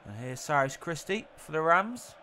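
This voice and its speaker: A young man commentating his own football video game in the style of a sportscaster, getting loud and excited at the goals. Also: fairly high pitch, normal speed, slight background noise. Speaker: gaming YouTuber.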